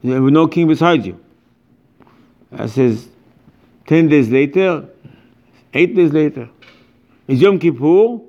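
A man's voice: a little high, slow, pauses often, mellow, muffled recording. A man giving an informal religious lecture as a rabbi, speaking emphatically and animatedly in broken English with many repetitions.

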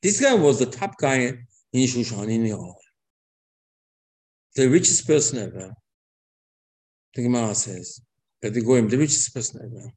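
A man gives a storytelling Torah lesson at a medium pitch. He acts out the dialogue with lively swings in his voice and repeats words for emphasis. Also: normal speed, long pauses. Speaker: religious teacher.

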